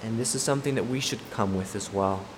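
A man's voice: fairly low pitch, fast talker. Emphatic male preacher in echoing hall. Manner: emphatic, repeats key points. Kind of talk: expository sermon. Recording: long hall reverb, faint room noise.

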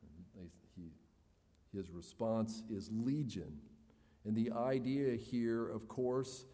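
A man's voice: on the low side, takes it slowly, mellow, long reverb tail. A man preaching a sermon in an earnest, expository way, building emphasis as he makes his points.

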